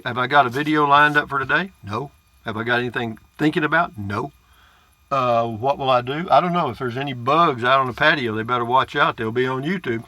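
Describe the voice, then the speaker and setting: With a mid-range, sharp-toned voice and no room sound, an older Central Texan man chats to camera while reading viewer comments. His vlog style is folksy and rambling, and he chuckles at his own jokes.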